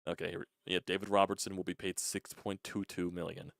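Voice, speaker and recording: A man's voice: deep voice, little pitch movement, a little fast, creaky, no room sound, studio quality. A young man hosting a sports channel, talking in a frustrated, casual rant, swearing and breaking off words.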